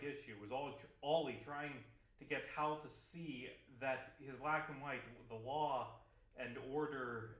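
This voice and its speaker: A man's voice: mid-range voice, fairly bright tone, roomy sound. A man vlogging casually over gameplay, rambling with lots of fillers, restarts and casual swearing. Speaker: video game vlogger.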